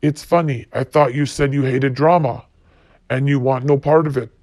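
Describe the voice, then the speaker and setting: A man's voice: medium pitch, fairly even intonation, moderate pace, darkish tone, no echo. A man hosting a solo podcast, ranting bluntly and profanely while reading quotes. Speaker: podcast host.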